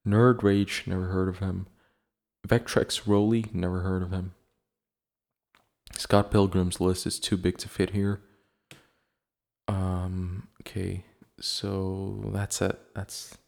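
A man's voice: sits low, level tone, slow, vocal fry, long pauses, a little mellow. A man hosting a podcast in casual chat, blunt and profane as he rants. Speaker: podcast host.

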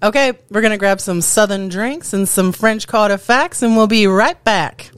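A woman's voice: mid-range voice, normal speed, background noise. A woman co-hosting a podcast in a bubbly, giggly, teasing way. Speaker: podcast co-host. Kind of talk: playful podcast banter.

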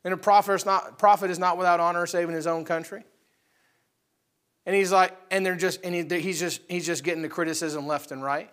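A pastor preaching a conversational sermon to his congregation, swinging between loud animated outbursts and quiet asides. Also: sits high, brisk.

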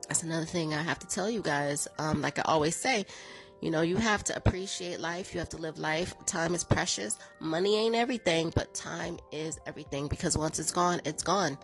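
A woman's voice: low voice, fairly quick, faint music behind. A woman, chatting to her viewers and telling stories with laughs. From American South. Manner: chatty storytelling with laughs, acts out quotes. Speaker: vlogger. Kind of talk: casual chat to viewers.

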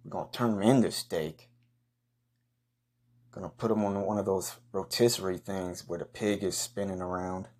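A man hosting a comedy podcast, giving a crude, boastful hype monologue full of rowdy trash talk and loud whoops. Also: deep voice, steady tone, normal speed.

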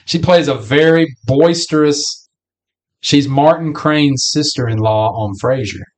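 A man's voice: on the high side, a little slow. A man co-hosting a podcast, chatting casually about a film and acting out some of its lines. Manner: chatty, acts out movie lines. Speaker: podcast co-host.

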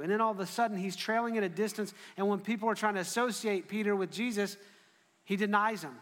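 A man preaching a sermon, telling the story in an animated way and often restarting his phrases. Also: high-pitched, quick pace. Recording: echoey hall.

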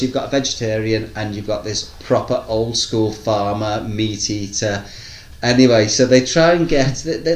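A man chatting casually as a podcast co-host, telling long stories and acting out what people said. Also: mid-range voice. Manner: rambling storyteller, acts out quotes in other voices. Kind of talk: casual chat. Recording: echoey room.

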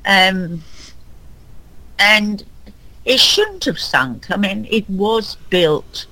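Slow-talking woman with a London accent. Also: mid-range voice, lively intonation, pushed and bright, dry recording, low-quality recording. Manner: unhurried, hesitant with restarts. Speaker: guest. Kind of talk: podcast interview.

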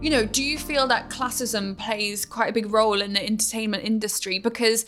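A woman's voice: on the high side, steady tone, fairly quick, over music. Welsh woman host asking probing questions. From Wales. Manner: conversational and probing. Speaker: podcast host. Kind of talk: interview questioning.

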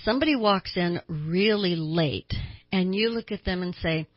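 Lowish husky-voiced woman radio therapist. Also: normal speed, no echo, dull audio. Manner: explanatory, earnest, with small laughs. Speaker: radio talk show host, therapist. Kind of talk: radio talk show monologue.

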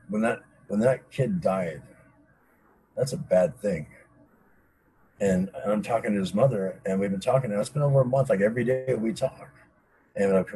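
A man's voice: fairly low pitch, a little mellow, husky, low-quality recording. A man speaking candidly as an interview guest, intense and emphatic, swearing freely. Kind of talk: candid personal conversation.

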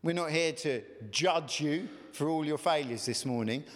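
Male pastor, earnest conversational sermon, high voice, long hall reverb. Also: normal speed. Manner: earnest, conversational preaching with repeated questions. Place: church.

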